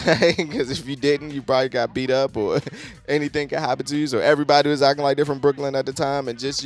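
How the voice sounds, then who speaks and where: Casual male album reviewer, mid-pitched, salty and rambling, faint beat underneath. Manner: loose, profane, heavy on "like". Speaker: music reviewer.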